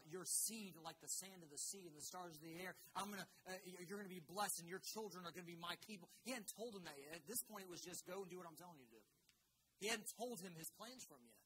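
A man's voice: high voice, fast talker, pushed and bright, slight background noise, rough recording. A young man from Florida preaching a sermon in church, telling a family story with many restarts and then urging his listeners on with growing fervor. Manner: earnest, repetitive restarts, rising to fervent exhortation. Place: church sanctuary.

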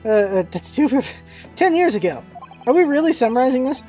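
A woman's voice: high-pitched, big pitch swings, a little fast, warm tone, faint music behind. A woman chatting and joking while reading through a game. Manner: chatty, jokey, laughs at herself. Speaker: let's-play host reading game dialogue. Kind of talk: casual gameplay commentary.

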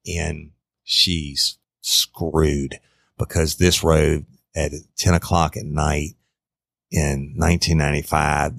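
Guy hosting a true crime podcast, chatty, talks right to listeners, super deep rough voice. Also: no echo, studio quality. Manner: conversational, addresses listeners directly. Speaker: podcast host.

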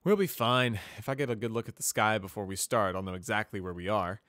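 A man's voice: fairly low pitch, fast, a bit bright, no room sound, clean studio sound, close to an everyday voice. A man voicing a cheerful, eager young male pegasus navigator in a fan storybook reading. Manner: upbeat, eager, talkative.

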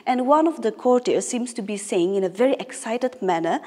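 A woman's voice: medium pitch, moderate pace, hardly any pauses, warm tone. A woman English teacher from Nagaland, India, patiently explaining a story to her class and rephrasing each line. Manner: patient, explanatory, rereads and paraphrases lines. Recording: echoey room with long reverb.

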